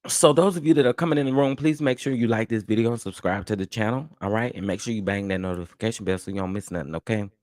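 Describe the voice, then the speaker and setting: Lowish male host, chatty and dismissive livestream commentary, dry close mic. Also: fast, few pauses, a little mellow, no room sound. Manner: chatty, dismissive, laughs often.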